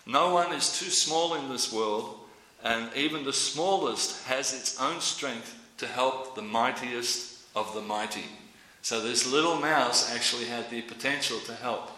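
A man's voice: medium pitch, bright, forceful tone, roomy sound, slight background noise, poor audio. A man giving a devotional talk, rambling and anecdotal, often repeating his words. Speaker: devotional speaker.

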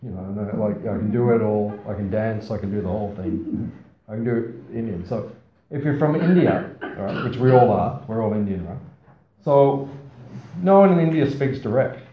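A man's voice: lowish voice, expressive, normal speed, a little hiss or hum. A man giving a scripture class to a small audience. He tells stories, asks the audience questions, and makes playful asides. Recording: roomy, slightly dull sound.

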